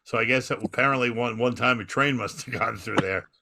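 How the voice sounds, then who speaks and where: A man's voice: medium pitch, brisk, gravelly, noisy background. A man from Long Island, rambling through a travel anecdote on a casual podcast. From Long Island, New York. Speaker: podcast co-host. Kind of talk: casual chat, storytelling.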